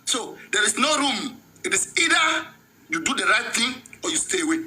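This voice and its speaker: A man's voice: very high-pitched, sing-song, moderate pace, bright, forceful tone, low-quality recording. A man with a Nigerian accent hosting a gossip show, chatting casually and mixing Pidgin into his English. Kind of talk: casual commentary.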